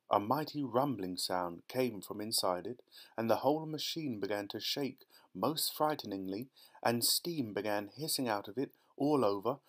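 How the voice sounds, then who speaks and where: A medium-pitched man narrates a children's novel for an audiobook. His storytelling is lively and expressive.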